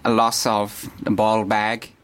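A man playing a deadpan, hesitant man who invented a posh stage character, as a guest on a comedy radio interview. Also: on the low side. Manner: halting, deadpan, slow and hesitant.

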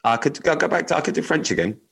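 A man's voice: on the high side, big pitch swings, fast talker, gravelly, a bit bright, slightly rough, low-quality recording. A man co-hosting a casual podcast, swearing and joking as he reads out odd news stories. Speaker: podcast co-host.

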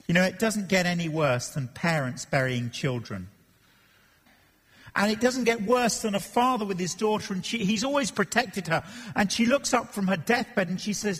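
A man preaching an expository sermon, animated, acting out voices and joking between readings. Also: high-pitched, moderate pace. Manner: animated, acts out Bible voices and jokes. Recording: long reverb of a church hall.

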